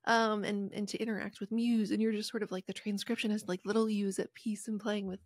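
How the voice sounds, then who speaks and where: A middle-aged woman from rural West Virginia speaks as a podcast guest, reflective and heartfelt, with sighs as she tells her story. Her voice sits at an everyday pitch for a woman. The recording is dry and close, with no room sound. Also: level tone, quick pace, dry recording. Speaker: guest author.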